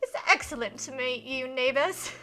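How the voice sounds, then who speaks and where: A woman's voice: high-pitched, normal speed, pushed and bright. Woman doing a hammy fake-British flirt. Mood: flirty. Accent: mock British. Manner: theatrical, overdone, giggly.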